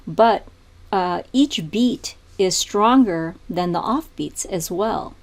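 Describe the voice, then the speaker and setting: A woman teaching music theory in a video tutorial, explaining step by step in a calm way and now and then singing rhythms aloud. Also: mid-range voice.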